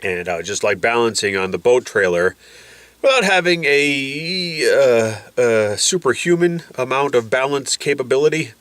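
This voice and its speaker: A man's voice: mid-range voice, moderate pace, fairly bright tone, dry recording. Stuffy-nosed man rambling on medication. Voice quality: stuffy, congested voice from nasal packing. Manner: rambling, self-mocking complaining. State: medicated and a bit woozy. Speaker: vlogger. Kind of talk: casual rambling vlog to camera.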